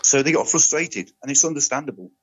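An older man, a former soldier and police officer, recounting stories in a matter-of-fact, unhurried way as a podcast guest. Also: medium pitch, expressive, breathy edge. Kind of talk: casual storytelling. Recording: dull lo-fi audio.

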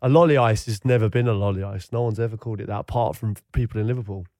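A man's voice: on the low side, rapid-fire, warm tone, no room sound, studio quality. A young man co-hosting a podcast, teasing and laughing often in casual chat. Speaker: podcast co-host.

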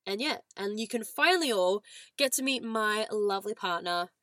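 A woman's voice: mid-range voice, animated, normal speed, a bit bright, no room sound. Nasal Australian woman hosting a podcast. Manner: earnest, chatty, ranting. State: nasal from a cold. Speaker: podcast host. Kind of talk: casual podcast chat.

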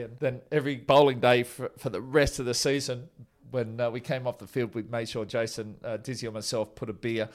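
A man's voice: medium pitch, level tone, brisk, few pauses. A man, a former cricketer who tells rambling, chuckling stories about an old teammate in a casual interview.

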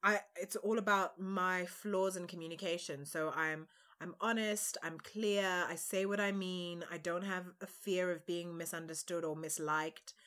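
A woman from Uganda co-hosting a podcast, candid and expressive in casual chat, swearing now and then. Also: on the low side, unhurried, hardly any pauses. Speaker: podcast co-host.

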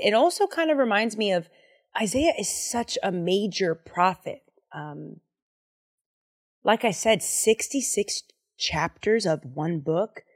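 Young woman doing casual bible study, chatty, says um a lot. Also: fairly low pitch. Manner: enthusiastic, chatty, many fillers.

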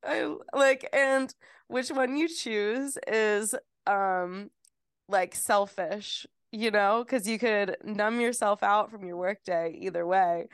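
A young woman co-hosting a relaxed podcast chat. Her voice sits at a middling pitch. She laughs easily and throws in blunt, profane wisecracks. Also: takes it slowly, clear, resonant tone. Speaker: podcast co-host. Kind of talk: casual chat.

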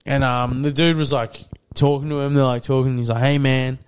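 A man's voice: mid-range voice, steady tone, a little fast, smooth. A young Australian man telling rambling, profane stories in a casual podcast chat, full of fillers. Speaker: podcast co-host.

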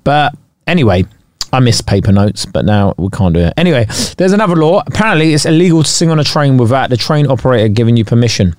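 A man, co-hosting a casual podcast with jokey, animated banter. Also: mid-range voice, quick pace, no echo, clean studio sound. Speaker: podcast co-host. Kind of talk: casual chat.

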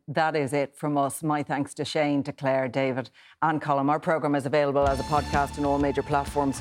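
An Irish woman hosting a late-night current affairs panel in a relaxed, chatty way. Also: low-pitched. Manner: relaxed, chatty, with frequent fillers.

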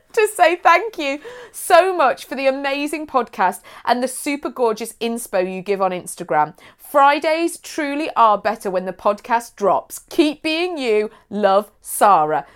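Bubbly high-voiced woman. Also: expressive, unhurried, clear, resonant tone. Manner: bubbly, playful, laughs often. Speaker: podcast co-host. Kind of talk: casual chat reading listener mail.

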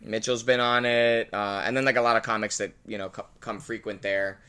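A man's voice: lowish voice, level tone, fairly quick, sharp tone, smooth. A man who is a comedian, a guest on a podcast, chatting in a loose, rambling and playful way. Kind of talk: casual comedy podcast chat.

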